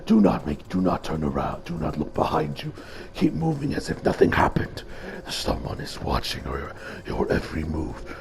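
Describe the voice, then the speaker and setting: A man voicing a sinister hidden male crime boss, giving orders in a gravelly whisper. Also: a bass voice, wildly swooping pitch, moderate pace, background noise, voice pushed down, full character voice. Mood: urgent.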